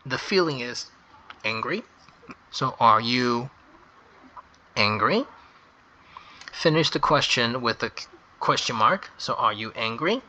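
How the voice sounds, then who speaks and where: Slow, bright-voiced man teaching grammar. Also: medium pitch, expressive. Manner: slow and careful, stressing key words. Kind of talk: slow explanatory lesson.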